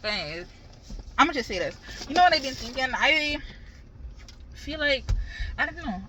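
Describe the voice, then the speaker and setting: This young Caribbean vlogger rambles through a casual monologue, loose and slangy, cursing freely. Her high, very animated voice moves at a moderate pace with a bright, forceful tone. The audio is poor, with slight background noise.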